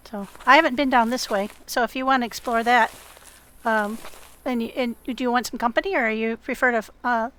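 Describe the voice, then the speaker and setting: A woman's voice: on the high side, steady tone, fairly quick, a bit bright, a little hiss or hum. A woman hosting a survival game video, chatting with another player and talking to her viewers in a friendly way with many fillers. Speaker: gameplay video host. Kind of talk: gameplay commentary and in-game voice chat.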